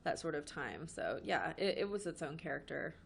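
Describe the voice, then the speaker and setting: A woman's voice: deep voice, very animated, normal speed, creaky, a little hiss or hum. Woman cohost rambling about movies, opinionated, laughs a lot, voice goes up and down loads. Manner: chatty, laughs often, opinionated. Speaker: podcast co-host. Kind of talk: casual pop-culture chat.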